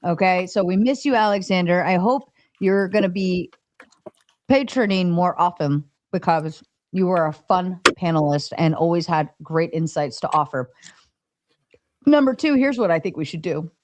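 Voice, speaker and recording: A woman's voice: on the low side, lively intonation, moderate pace, a little mellow. A woman hosting a live stream panel in casual chat, giggly and bantering, swearing freely. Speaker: stream host and panel moderator.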